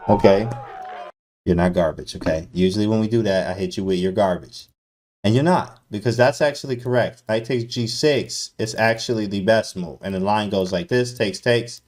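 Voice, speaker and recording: Slangy male chess streamer, hyped, talks to chat, lowish voice. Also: normal speed, darkish tone. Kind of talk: live-stream chess commentary.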